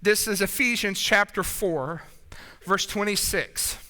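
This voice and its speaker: A man's voice: high-pitched, slow, bright, forceful tone, long reverb tail. A man preaching a sermon in a conversational way, often checking in with his listeners. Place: church sanctuary.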